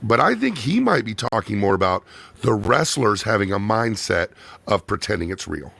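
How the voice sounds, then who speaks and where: A man's voice: fairly low pitch, very animated, normal speed, creaky, a bit bright, slightly rough, no echo. A man hosting a casual interview, listening closely and chiming in with short agreements and questions. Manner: attentive, short agreeing responses. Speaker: podcast host.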